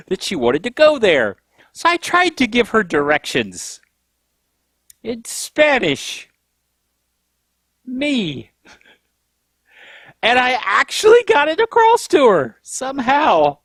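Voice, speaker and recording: A man's voice: high voice, a bit bright, no room sound. A middle-aged man hosting a tech show, telling rambling self-mocking stories and laughing at himself. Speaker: tech podcast host. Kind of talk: casual tech show chat.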